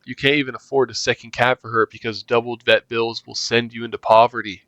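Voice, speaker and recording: A man's voice: mid-range voice, level tone, brisk, fairly bright tone, no echo, lightly acted. A man voicing a smug, obsessive young male captor in a game, talking down to his prisoner. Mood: condescending. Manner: condescending, taunting.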